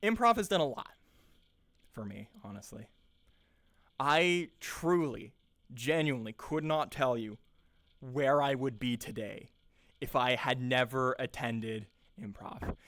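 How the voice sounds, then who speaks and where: A man's voice: medium pitch, takes it slowly, long pauses, fairly bright tone, no room sound. A young man, an improv teacher, talking casually and earnestly with lots of restarts and repeated words. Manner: earnest, enthusiastic, repeats words while searching. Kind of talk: casual rambling monologue.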